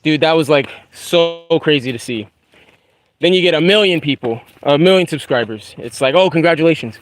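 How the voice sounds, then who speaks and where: A man's voice: on the high side, moderate pace. Laid-back young man, bro-ish outdoor talk. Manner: laid-back, slangy, says dude and bro a lot. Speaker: YouTuber. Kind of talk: casual spiritual talk while walking. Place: outdoors on a wooded trail.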